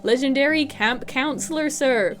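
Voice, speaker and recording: Woman doing a Southern-accented male shopkeeper, drawling, obsequious, sly, high, game character. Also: moderate pace, fairly bright tone, faint music behind. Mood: smarmy salesman. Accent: put-on American Southern. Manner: drawling, obsequious, keeps saying sir. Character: fawning male costume shopkeeper, smarmy and sly.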